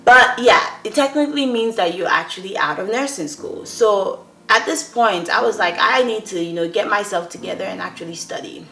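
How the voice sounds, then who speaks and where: Young woman, earnest story time vlog, bright voice, roomy echo. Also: mid-range voice, normal speed, few pauses. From Nigeria. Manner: earnest, often checks in with viewers. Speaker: vlogger.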